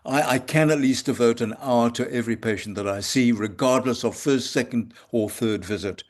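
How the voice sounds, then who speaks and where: Older male homeopath, mid-pitched, measured and hesitant, reflective talk. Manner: measured, halting with frequent pauses. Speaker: homeopath guest. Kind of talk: reflective conversation. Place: home consulting room.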